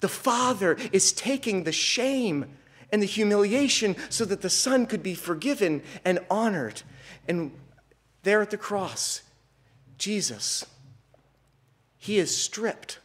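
A man delivers a sermon at an unhurried pace, his voice sitting slightly high for a man. He tells an illustration story with earnest care, then builds into emphatic, repeated declarations. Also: animated, a bit bright, breathy edge. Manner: slow, earnest storytelling that swells into emphatic preaching. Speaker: preacher.

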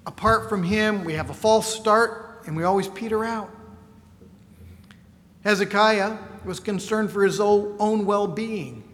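A man preaching a sermon, reading scripture aloud and slowing to stress key words. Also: high-pitched, a bit bright, long reverb tail.

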